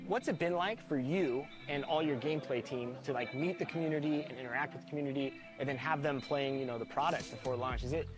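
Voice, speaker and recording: A chatty, encouraging man interviewing a developer. He talks quickly with a mid-range voice. Music runs beneath the talk. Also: mid-range voice. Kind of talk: casual interview.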